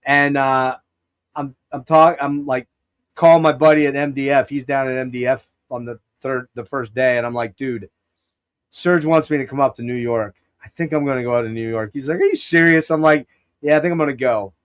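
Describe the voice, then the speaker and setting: A podcast host from Pennsylvania, talking in a loose, casual way. He winds through a long story with false starts and quoted back-and-forth, a man of ordinary middle pitch. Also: fairly even intonation, brisk, clean tone. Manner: long-winded storyteller, many restarts and quoted asides. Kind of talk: casual rambling chat.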